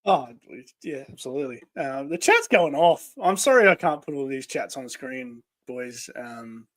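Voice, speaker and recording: A man's voice: medium pitch, expressive, normal speed, no room sound. A man with an Australian accent co-hosting a casual livestream, reading out viewer comments, with many fillers and frequent laughs. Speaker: livestream co-host.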